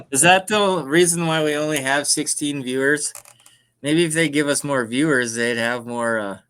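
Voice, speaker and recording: A man's voice: on the high side, unhurried, a bit bright, clear, resonant tone. A man co-hosting a casual talk show, laid-back, mostly giving brief agreeing replies and jokes. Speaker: co-host. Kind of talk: casual chat.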